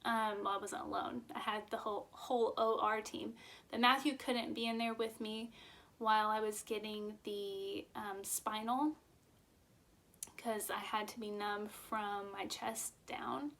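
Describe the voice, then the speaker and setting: Slow, emotional young woman vlogger. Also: mid-range voice, fairly even intonation, a bit bright. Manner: emotional, halting, fighting tears at times. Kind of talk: personal birth story, casual.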